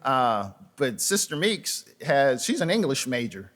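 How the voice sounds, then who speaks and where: A man's voice: mid-range voice, very animated, unhurried, fairly bright tone. A man preaching a sermon as pastor, telling folksy stories with asides to the congregation, often repeating words and restarting. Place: church sanctuary.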